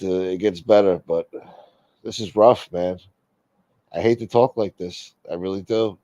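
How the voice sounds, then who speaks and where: A man's voice: lowish voice, warm tone, dry recording. A middle-aged man hosting a livestream, rambling and complaining with lots of swearing in casual talk. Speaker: livestream host. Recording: dull lo-fi stream audio.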